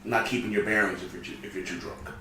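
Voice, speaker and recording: A man with a middle-pitched voice hosts a relaxed chat and drops dry, joking remarks between questions. His voice rings in a very echoey room, with a faint hum of ambience behind it. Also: fast, vocal fry. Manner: joking, wry interjections. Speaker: podcast host. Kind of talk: casual chat.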